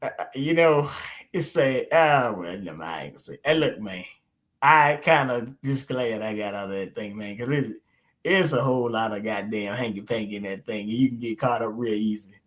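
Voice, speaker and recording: A man's voice: medium pitch, moderate pace. Middle aged guy chatting easy, drawly storyteller, laughs a lot. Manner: laid-back, storytelling, laughs often, drawls. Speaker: host. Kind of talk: casual chat.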